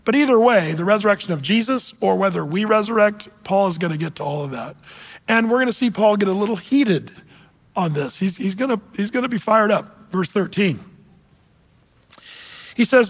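High-voiced pastor preaching in a hall. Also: male voice, normal speed. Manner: casual, conversational preaching with fillers. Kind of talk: sermon.

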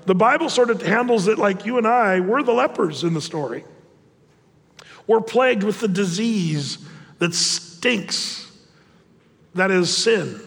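A man preaching a sermon as pastor, conversational and animated, often restarting his phrases. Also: high voice, big-room sound.

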